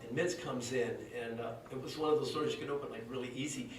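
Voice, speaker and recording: A man's voice: medium pitch, steady tone, quick pace. A man giving an anecdotal eulogy at a memorial service, telling stories with chuckles and acting out quotes. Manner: chuckling storyteller, acts out quotes. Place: dojo hall at a memorial. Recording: roomy echo from far off, faint hiss.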